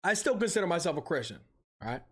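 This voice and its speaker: A man's voice: fairly high pitch, quick pace, husky. Cussing young man ranting on stream. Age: young adult. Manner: profane ranting with animated storytelling. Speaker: game streamer. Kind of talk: casual live-stream chat.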